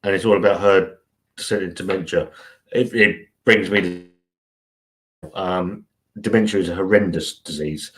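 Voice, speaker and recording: Host in his forties, low-pitched, chatty live stream rambler. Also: fairly even intonation, moderate pace, pauses often, a bit bright. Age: 40s. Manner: rambling, chatty, swears freely. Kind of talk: casual live stream chat.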